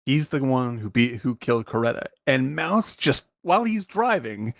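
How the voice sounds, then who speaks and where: A man co-hosting a film podcast in casual, animated talk, laughing often and acting out scenes from the movie. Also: mid-range voice, normal speed, creaky, dry recording, studio quality. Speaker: podcast co-host.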